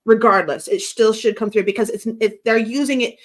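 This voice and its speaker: A woman's voice: a little high, steady tone, a little fast. A woman in a casual chat, talking in long rambling turns full of restarts and questions. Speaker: guest from the American team.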